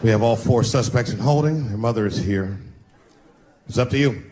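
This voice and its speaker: A comedian on stage putting on a calm, matter-of-fact male police officer, heard over audience noise. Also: moderate pace, lightly acted. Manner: matter-of-fact, low-key.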